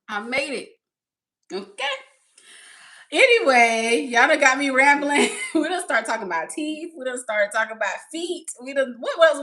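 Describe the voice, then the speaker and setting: Her voice is high-pitched, pushed, and bright. She's a woman on a live stream, chatting and rambling as she reads chat messages aloud, laughing often and calling the audience "y'all."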